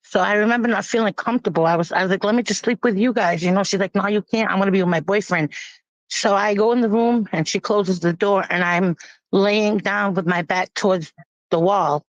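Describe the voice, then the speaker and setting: A woman giving a personal testimony in a plain-spoken, halting, grave way. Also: medium pitch, no room sound. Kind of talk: personal testimony, casual storytelling. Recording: dull lo-fi, dry.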